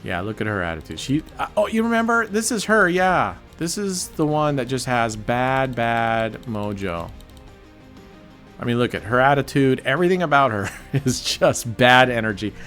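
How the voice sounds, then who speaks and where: A man hosting live casino gameplay commentary, excitable and cursing, grumbling at the dealer as he works out his bets. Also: medium pitch, normal speed, soft background music. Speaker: channel host.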